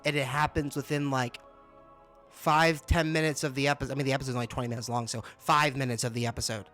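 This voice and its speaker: A man's voice: mid-range voice, fairly even intonation, fast talker, fairly bright tone, soft background music. A young man hosting a casual review channel, exasperated and laughing, often stammering and repeating himself. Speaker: booktuber host.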